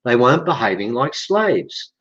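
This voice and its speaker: An Australian man, a podcast guest, talks in a mid-range voice. He tells his story with animated energy and brings the quoted conversations to life. The recording sounds a little dull and lo-fi. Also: mid-range voice, moderate pace, slightly rough. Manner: retells dialogues with lively voiced quotes.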